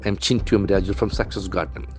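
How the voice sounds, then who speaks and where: A man teaching vocabulary from newspaper headlines, repeating and spelling out words slowly. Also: deep voice, steady tone. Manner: slow, repetitive, spells out and stresses words. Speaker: English language trainer.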